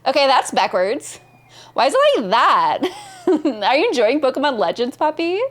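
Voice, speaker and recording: Bubbly high-voiced woman streamer. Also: big pitch swings, moderate pace. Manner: bubbly, greets chatters by name, laughs often. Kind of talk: casual live-stream chat with viewers.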